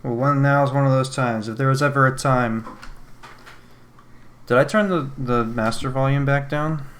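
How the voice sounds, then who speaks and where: Gamer host, casual and profane, bright tone. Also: medium pitch, moderate pace, a little hiss or hum. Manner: joking, swears a lot. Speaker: let's play host. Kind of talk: casual gaming chat.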